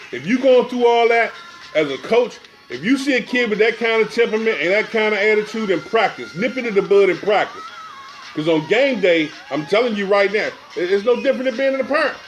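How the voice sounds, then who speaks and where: A male sports show host with a slightly high voice lectures his listeners in a preachy, animated monologue. His speech is loose and colloquial, and he repeats phrases for emphasis. Faint music plays underneath. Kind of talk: direct-to-audience talk show monologue.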